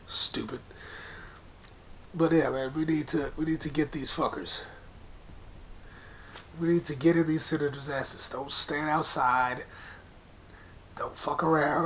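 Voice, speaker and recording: A man rants in an angry, profanity-laced monologue, repeating himself for emphasis and talking straight at the listener. His voice sits somewhat high for a man. A faint low rumble runs underneath. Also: a bit bright. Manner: repetitive emphatic hammering of points. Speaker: political commentator. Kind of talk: monologue rant.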